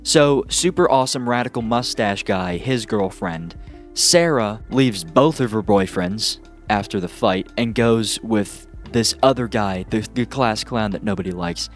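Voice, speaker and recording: A man's voice: on the low side, measured pace, faint music behind. Sarcastic man recapping a movie. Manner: sarcastic, excitable, lots of fillers. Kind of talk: casual comedic movie recap.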